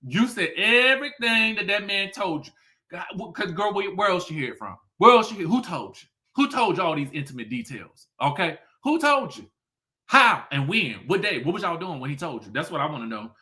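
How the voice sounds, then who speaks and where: Animated man recapping gossip. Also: sits high, fairly quick. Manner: animated, rhetorical questions, frequent "okay". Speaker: commentator. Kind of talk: casual reality-TV recap.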